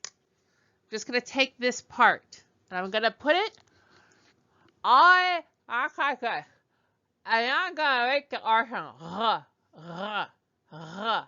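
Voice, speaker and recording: A woman teaching a beginner French lesson, slowly drilling pronunciation with patient, demonstrative repetition. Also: a little high, very animated, sharp tone, highs cut off.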